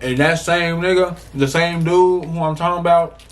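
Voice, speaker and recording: A young man from the Chicago area telling a casual storytime to the camera, animated and profane, rambling with many restarts. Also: on the high side, normal speed, a little hiss or hum. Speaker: storytime vlogger.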